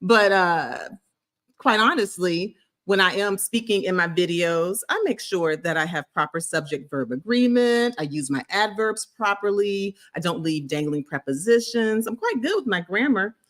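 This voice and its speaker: A woman's voice: medium pitch, lively intonation, moderate pace, a bit bright. A middle-aged woman doctor from the US South, hosting a casual medical video and answering a commenter in an emphatic, sassy way. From Florida, US South.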